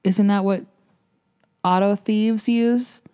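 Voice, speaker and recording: A woman's voice: mid-range voice, steady tone, slow pace, mellow, smooth. A woman co-hosting a podcast in casual chat, curious and asking naive questions. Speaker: podcast co-host.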